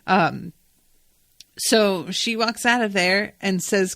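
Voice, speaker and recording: A woman hosts a casual podcast and recaps a TV episode with a chatty, gushing enthusiasm, dropping swear words as she goes. Her voice sits at a medium pitch. It is recorded close to the mic in a dry space with no room echo. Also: slow pace, fairly bright tone. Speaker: podcast host.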